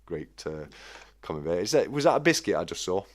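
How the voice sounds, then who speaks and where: A man hosting a casual live-stream chat, reading out viewer comments in a friendly, halting way with many restarts. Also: low-pitched, big pitch swings. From United Kingdom. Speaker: livestream host.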